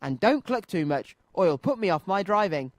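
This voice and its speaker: An eager, fretful little toy boy, as a man reads him out in a children's storybook. The voice sits high and leaps into anxious exclamations. The sound is close and dry, with no room around it. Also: sing-song, normal speed, no room sound.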